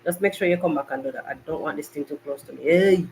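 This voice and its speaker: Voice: medium pitch, fast, darkish tone, rough recording. Chatty podcast host rambling from home. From Jamaica. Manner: chatty, rambling, talks to viewers directly. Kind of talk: casual live-stream chat. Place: makeshift home studio, hot bright room. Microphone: laptop.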